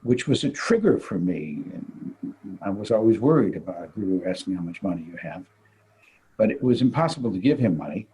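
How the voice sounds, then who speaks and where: Husky older man telling a story. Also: sits low, brisk, poor audio. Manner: animated, laughing anecdotal telling. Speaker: guest physician. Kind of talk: storytelling in conversation.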